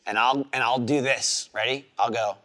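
A man from New Jersey, a podcast host chatting casually and playfully, with swearing and lively jokes. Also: mid-range voice, moderate pace. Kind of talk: casual chat.

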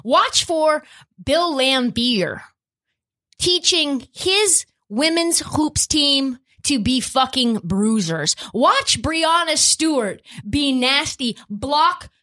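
A woman hosts a sports talk podcast in a high, lively voice that swings widely in pitch. She rants with blunt profanity and fires off rhetorical questions. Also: drawn-out words. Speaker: podcast host.

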